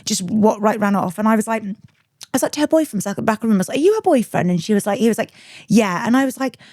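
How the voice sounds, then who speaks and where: A young adult woman, a guest comedian in casual podcast chat, telling a lively story and acting out the dialogue. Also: medium pitch, quick pace, dry recording, clean studio sound.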